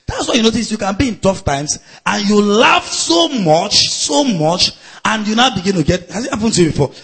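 A man preaching a sermon to a live congregation, laughing out loud and shouting chanted refrains. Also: high voice, big pitch swings, normal speed, breathy edge.

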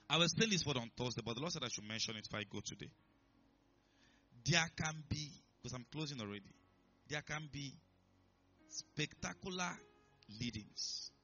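A man's voice: medium pitch, pushed and bright, lo-fi sound. A man preaching a sermon in church, emphatic and repetitive, often asking if listeners are following. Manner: emphatic, repeats himself, checks in with listeners. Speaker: pastor.

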